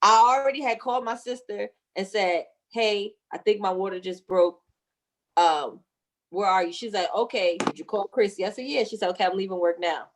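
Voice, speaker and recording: In a mid-range voice at a moderate pace, a woman in her thirties shares her birth story. She's lively and cusses while laughing, and she gives every character in the story their own acted-out voice.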